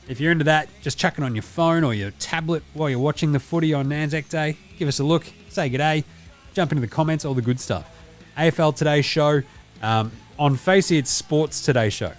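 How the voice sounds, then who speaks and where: A man with an Australian accent, hosting a podcast and casually running through plugs and a sign-off. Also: on the high side. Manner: laid-back, chatty plugs. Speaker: podcast host.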